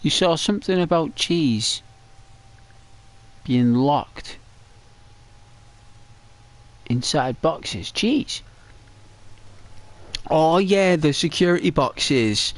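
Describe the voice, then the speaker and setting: A man's voice: on the high side, animated, takes it slowly, pauses often. Rambling man chatting while gaming. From Britain. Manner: rambling, chatty, many restarts and fillers. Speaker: gaming streamer. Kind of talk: casual chat to viewers while playing.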